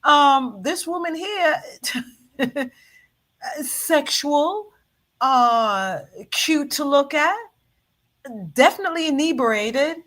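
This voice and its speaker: Lively high-voiced woman host. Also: extremely slow, pauses often. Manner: animated, teasing, talks back at the clip and the chat. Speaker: show host reacting to a video clip. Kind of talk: casual live commentary.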